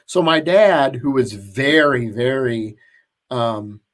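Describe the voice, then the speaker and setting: A man's voice: mid-range voice, expressive, slow pace. A man co-hosting a podcast, telling a long story in casual chat with lots of restarts and fillers. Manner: rambling, many restarts and fillers. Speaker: podcast co-host.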